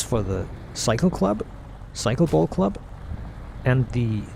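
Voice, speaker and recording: A man with a gravelly, creaky voice of middling pitch gives blunt, opinionated commentary while playing a game. He rambles, often repeats himself and restarts his sentences. A faint hum of game vehicle noise sits under his talk. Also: a little mellow. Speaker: gamer streaming a playthrough.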